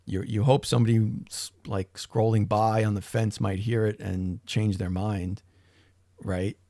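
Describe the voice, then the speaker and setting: A man's voice: on the low side, little pitch movement, a little slow, warm tone, no echo, studio quality. A middle-aged man hosting a livestream, chatting casually and rambling with frequent restarts and swearing. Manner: rambling, profane, self-interrupting. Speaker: livestream host.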